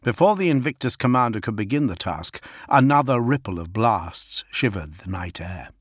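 Measured male audiobook narrator, dry sound. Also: lowish voice, slightly rough, dry recording. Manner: even, measured storytelling.

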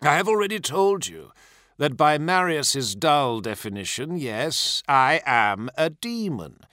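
Man doing a purring demon prince, mocking, slow, bright lively voice, dry sound. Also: a little high, dry recording, pitched above the performer's own voice, full character voice. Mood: scornful. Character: possessed demon prince, male, silken and mocking.

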